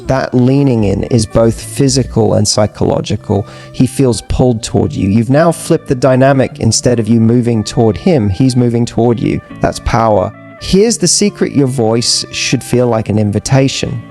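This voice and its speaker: A man giving scripted dating advice narration in a measured, persuasive way with emphatic repetition. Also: medium pitch, gravelly, warm tone, soft background music.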